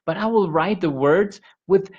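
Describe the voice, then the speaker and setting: A man leading a pronunciation workshop, modeling sounds by stretching them out slowly and repeating them. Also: high voice, a little mellow, lo-fi sound. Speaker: pronunciation instructor. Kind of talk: teaching a live workshop.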